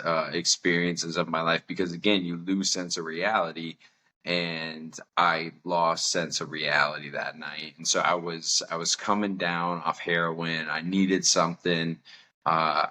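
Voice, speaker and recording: A man's voice: deep voice, bright, forceful tone. A young adult man hosting a podcast, telling a candid personal story with a self-mocking tone and frequent laughter. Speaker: podcast host.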